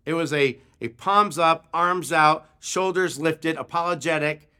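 A man preaching to his church in a bright, forceful voice that sits a little high. He tells a story with animation and gives voice to the people in it. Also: a little slow, smooth. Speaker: pastor. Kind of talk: sermon storytelling.

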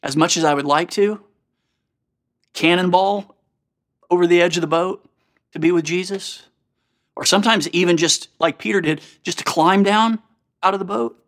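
A man's voice: high-pitched, moderate pace, long pauses, fairly bright tone. A man preaching a sermon, earnest and conversational, with frequent rhetorical questions to his listeners. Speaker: pastor.

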